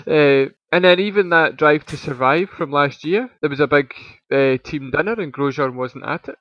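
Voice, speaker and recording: Male co-host, animated and chatty; dull, dry lo-fi recording. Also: on the high side, normal speed, dry recording. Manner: animated, chatty, lots of restarts. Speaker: podcast co-host. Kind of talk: casual chat.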